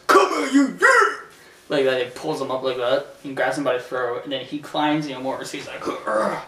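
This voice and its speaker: A man hosting a casual review, rambling and hesitant with many fillers and restarts, breaking into loud shouted impressions as he retells the action. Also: mid-range voice. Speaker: show host reviewing a wrestling event. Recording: roomy, distant from the mic, faint noise.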